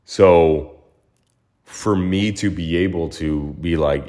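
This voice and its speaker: Slow, deep-voiced man musing aloud. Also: dark tone. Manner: reflective, emotional, repeats words. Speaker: podcast host. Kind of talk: casual solo monologue.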